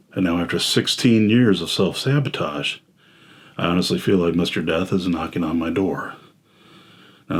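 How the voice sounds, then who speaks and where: A man with a low, husky voice that sits deep in his chest, a little short of breath as he talks. He gives a candid personal monologue as host, blunt and wry about himself. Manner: self-deprecating, blunt, wry. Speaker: filmmaker and host.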